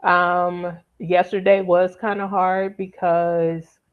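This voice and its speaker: A woman guest on a podcast, speaking about grief in a soft, thoughtful, halting way. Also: fairly low pitch, little pitch movement, smooth. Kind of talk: reflective conversation about grief. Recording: phone-like narrow audio.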